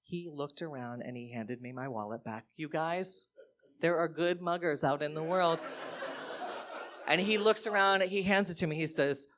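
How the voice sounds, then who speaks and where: A man performing a stand-up comedy set on stage, telling stories in an animated way and acting out the other people in them. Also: a little high, moderate pace. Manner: animated storytelling, acting out quoted voices. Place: live comedy venue, audience laughter.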